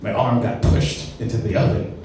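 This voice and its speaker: Stand-up comic in an echoey room. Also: male voice, lowish voice, steady tone, moderate pace, mellow, slight background noise. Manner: loose, conversational storytelling with bursts of acted exclamations. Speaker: stand-up comedian. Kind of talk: stand-up comedy set. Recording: echoey room miked from a distance with faint ambience.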